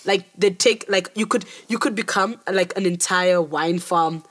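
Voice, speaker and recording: A woman's voice: fairly low pitch, normal speed. A woman co-hosting a podcast in casual chat, telling rambling stories in a dry way. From Africa. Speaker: podcast co-host.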